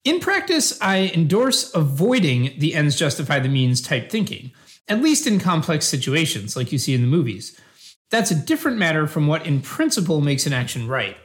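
Here a man reads an earnest debater's lines in a scripted philosophical dialogue, patiently and measuredly arguing for utilitarian ethics. His pitch is fairly high and very animated, yet the mood stays calm.

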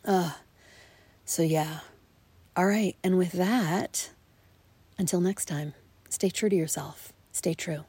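A woman's voice: fairly low pitch, slow pace, long pauses, darkish tone, a little hiss or hum. A woman in her late forties hosting a solo podcast, talking reflectively and often dropping into a whisper. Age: 40s. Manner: reflective, frequently whispering and laughing. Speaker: podcast host. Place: outdoors in a backyard at night.

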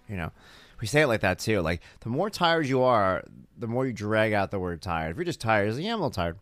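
A man's voice: on the low side, sing-song, quick pace, a bit bright, faint music behind. A man in his thirties hosting his own podcast, chatting casually in a rambling, self-deprecating, joking way while sounding tired. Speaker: podcast host. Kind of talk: casual solo podcast chat.

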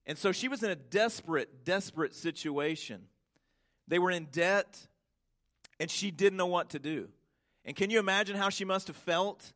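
A male pastor delivers an emphatic sermon in a voice that sits a little high for a man. He keeps asking his congregation questions. He stretches important words out slowly so each point lands. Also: a bit bright.

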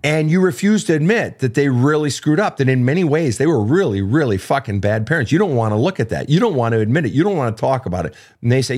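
A man's voice: mid-range voice, animated, fast talker, darkish tone. A man hosting an unscripted advice show, answering listener questions in a blunt, emphatic way, with frequent profanity and repetition.

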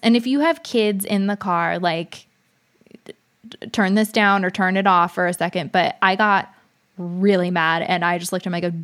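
Young woman talking straight to camera, chatty and blunt, lots of likes and ums. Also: on the high side. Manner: frank, chatty, many fillers and restarts. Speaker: vlogger. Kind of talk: casual storytelling monologue.

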